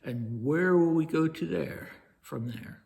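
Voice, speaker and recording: Guy with a gravelly voice chatting about history, lots of uh and you know, casual and rambly. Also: on the high side, expressive, takes it slowly, a little mellow. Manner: hesitant, many fillers and restarts. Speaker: history channel host. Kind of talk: casual spoken commentary.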